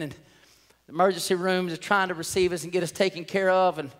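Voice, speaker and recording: A man's voice: high voice, steady tone, brisk, a bit bright. A man preaching a sermon in a church, telling a personal story earnestly and with emotion. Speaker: pastor. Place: church sanctuary. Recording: long church hall reverb.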